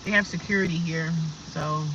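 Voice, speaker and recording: A woman's voice: fairly low pitch, steady tone, normal speed, far from the mic, dull audio, very noisy. A woman chatting casually on a livestream from her car, rambling and talking straight to her viewers. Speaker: livestreaming vlogger. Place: inside a parked or slowly driving car.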